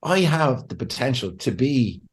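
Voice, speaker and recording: A man, a pastor and counselor, talking as a podcast guest in a lively way, often laughing and acting out what people say. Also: medium pitch, unhurried. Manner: animated, laughs often, acts out quotes. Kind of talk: conversational podcast interview.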